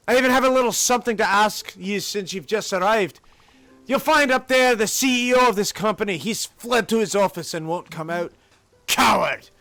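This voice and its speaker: A man's voice: high-pitched, bright, forceful tone, pitched above the performer's own voice. A man voicing a fiery union organizer in a put-on Scottish accent, declaiming rousing speeches to workers. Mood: welcoming.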